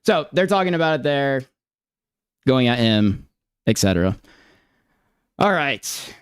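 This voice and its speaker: Smooth-voiced man doing stream commentary. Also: mid-range voice, big pitch swings, unhurried, no room sound, studio quality. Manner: incredulous, hedging, many fillers. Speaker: stream host reacting to clips. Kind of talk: casual reaction commentary.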